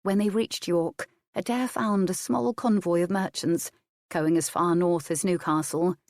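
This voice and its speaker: A woman narrates a historical romance in a measured, steady reading. Her voice sits low, and the recording is dry with no room sound. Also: no echo. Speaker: audiobook narrator. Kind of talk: scripted narration.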